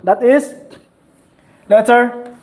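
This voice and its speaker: Man, Quran reading teacher, slow, patient, repeats sounds. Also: very high voice, a little mellow. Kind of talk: slow classroom instruction.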